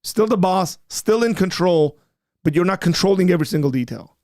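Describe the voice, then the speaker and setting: Guy hosting a talk stream, kinda high voice, dry sound, explains stuff then gets blunt. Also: expressive, a little fast, darkish tone, dry recording. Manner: explanatory, blunt and emphatic when rebutting. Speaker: apologetics show host. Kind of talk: livestream discussion.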